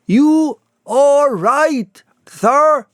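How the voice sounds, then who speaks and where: A man voicing a slow-witted male country innkeeper in an audiobook, with plain rustic speech. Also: a little high, big pitch swings, no echo, clean studio sound, full character voice. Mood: calling out.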